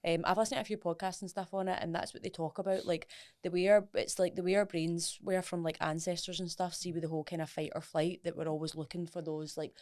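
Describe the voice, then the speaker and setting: A Scottish woman co-hosting a fitness podcast, chatting quickly and cutting in with comments. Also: fairly low pitch, flat delivery, darkish tone. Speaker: fitness coach and podcast co-host. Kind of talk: casual chat.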